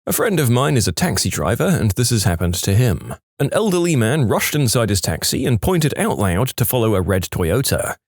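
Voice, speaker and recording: A man narrating online stories in an expressive, scripted storytelling manner. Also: mid-range voice, moderate pace, hardly any pauses, slightly rough, no room sound, clean studio sound.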